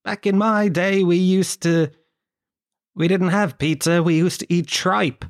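A man's voice: high voice, steady tone, unhurried. A man imitating an old grandmother who preaches about how things were in her day. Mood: reminiscing. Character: grumbling old Irish nan, nostalgic.

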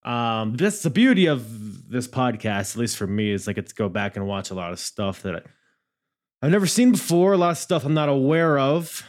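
A man hosting a wrestling podcast in a casual, rambling, jokey way, with loud bursts and sudden quiet drops. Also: mid-range voice, normal speed. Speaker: podcast host.

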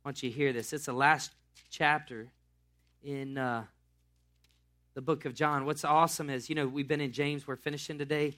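A man's voice: on the high side, steady tone, normal speed, pauses often, a bit bright. A man pastor preaching a sermon in a casual, storytelling way.

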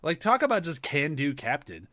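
A man co-hosting a casual movie chat podcast, animated and quick to laugh as he riffs. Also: a little high. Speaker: podcast co-host.

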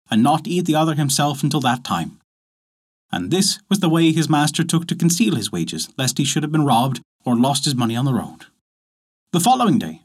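A man narrating a folk tale in an expressive, storybook manner. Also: a little high.

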